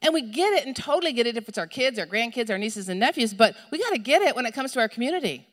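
A middle-aged woman preaching a sermon, telling a story with lively, acted-out moments and calls to the congregation. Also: a little high, fast. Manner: animated storytelling, acts out shouting for a lost child. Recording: long hall reverb.

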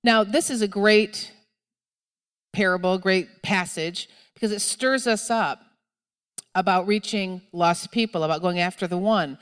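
A middle-aged woman preaching a sermon in a church, telling a story in a chatty way and shouting when she acts out a moment of panic. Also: mid-range voice, clear, resonant tone. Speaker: pastor. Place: church sanctuary. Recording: long hall reverb.

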